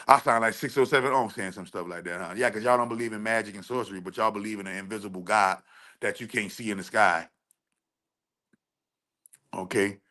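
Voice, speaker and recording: A man's voice: lowish voice, pushed and bright. A man hosting a livestream, talking intensely and emphatically, often repeating and restarting his phrases. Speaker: livestream host. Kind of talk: livestream rant.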